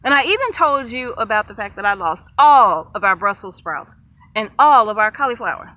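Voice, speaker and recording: Homesteader, higher-pitched woman, talks to viewers while walking an outdoor garden. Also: normal speed, no room sound. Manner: chatty, excitable, addresses viewers often, laughs easily. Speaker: homesteader showing her garden. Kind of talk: casual garden tour vlog.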